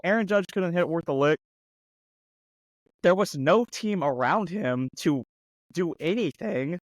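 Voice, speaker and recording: A man co-hosting a sports podcast, ranting heatedly and mocking a team with rapid-fire rhetorical questions, his voice going hoarse. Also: fairly high pitch, animated, dry recording. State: losing his voice. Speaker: podcast co-host.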